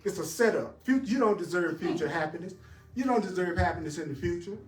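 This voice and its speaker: A man with a notably high voice leads a spiritual teaching session. He speaks emphatically and laughs often as he addresses his listeners directly. The sound is roomy and echoey. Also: lively intonation, fairly quick, far from the mic. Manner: emphatic, laughing, talks straight to the audience. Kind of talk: teaching a class.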